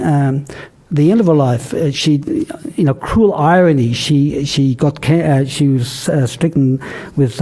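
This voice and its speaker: Older man, lecture storyteller, halting delivery, slightly high, mellow voice. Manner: halting, many restarts and fillers. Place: lecture hall.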